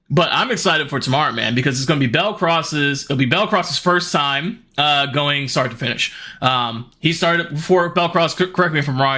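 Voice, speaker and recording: A man in his thirties chatting casually on a live stream, greeting viewers and laughing often. His voice is bright and ringing, pitched a touch high for a man.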